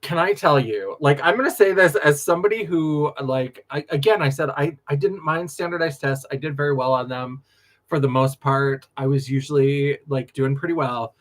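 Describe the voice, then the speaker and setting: A man's voice: fairly high pitch, normal speed. A man from North Dakota, a drag performer telling stories in a sassy, laughing late-night chat.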